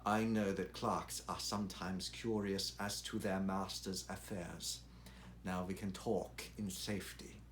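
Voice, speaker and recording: A man reading the part of a secretive, suspicious, gaunt colonel, his voice dropping low and slow on hushed matters. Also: little pitch movement, a little hiss or hum. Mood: guarded.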